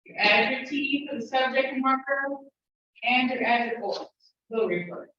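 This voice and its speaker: A woman teaching an evening language class, walking students through each step with a patient, encouraging manner and speeding up when she gets excited. Her voice sits a little high. It is picked up from a distance in a strongly echoing classroom, with a dull, muffled sound and faint noise behind. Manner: talks fast when excited. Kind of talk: classroom instruction. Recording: echoey room, distant mic, muffled.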